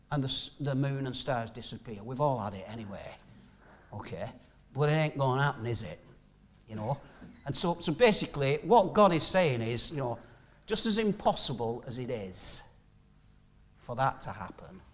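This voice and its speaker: A man's voice: mid-range voice, expressive, moderate pace, pauses often, slight background noise. A man preaching a sermon, reading scripture aloud and then explaining it in plain, casual speech, possibly.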